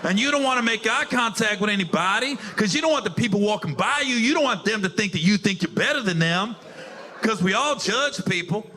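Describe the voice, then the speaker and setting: A man's voice: high-pitched, lively intonation, fairly quick, sharp tone. A male stand-up comedian telling stories in a casual, profane, conversational way on a club stage. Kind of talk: stand-up storytelling.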